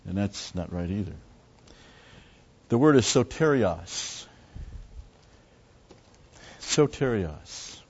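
A man's voice: fairly low pitch, animated, slow pace, long pauses, darkish tone, husky. A man preaching a methodical Bible teaching, explaining Greek words and repeating key terms. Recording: dull lo-fi recording.

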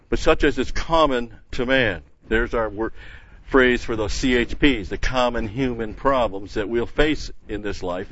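A man's voice: lowish voice, a bit bright, highs cut off. An older man teaching a Bible passage verse by verse in a conversational way, stopping to correct himself and leaning hard on key words.

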